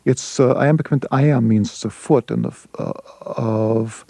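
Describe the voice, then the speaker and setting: A man, a playwright and translator, answering a radio interview in a halting way with many restarts. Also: mid-range voice, dark tone, no room sound.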